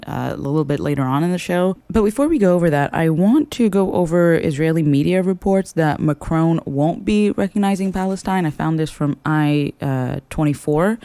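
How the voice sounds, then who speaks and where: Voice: mid-range voice, warm tone, clean tone, no room sound. Blunt, sassy political commentary host. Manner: blunt and sassy, swears casually.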